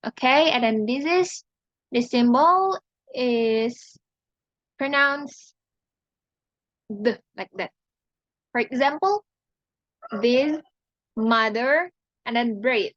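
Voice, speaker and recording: A young woman from Indonesia giving a class presentation on pronunciation, speaking haltingly and repeating each sound and example word. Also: on the high side, lively intonation, a bit bright, dry recording, dull audio. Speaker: student presenter.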